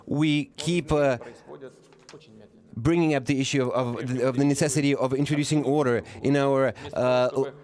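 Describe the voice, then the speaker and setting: A man giving a live interpretation of a formal speech, halting and often pausing to correct himself. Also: medium pitch, steady tone, darkish tone. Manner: halting, with frequent pauses and self-corrections. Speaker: simultaneous interpreter.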